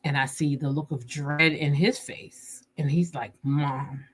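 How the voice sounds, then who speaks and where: A woman telling viewers a personal story in a casual, animated and emotional way. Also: low voice, a little slow, a little hiss or hum. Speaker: vlogger.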